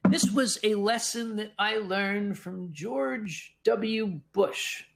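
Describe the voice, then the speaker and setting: A man's voice: high voice, takes it slowly, creaky, low-quality recording. A man who chairs a convention, telling stories on a casual panel in a dry, wry way.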